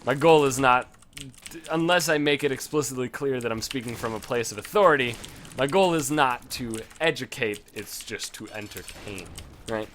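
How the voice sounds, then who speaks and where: A man's voice: mid-range voice, normal speed, fairly bright tone, slight background noise. A man casually rambling and swearing as he talks over his gameplay footage, poking fun at himself along the way. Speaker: gaming video host.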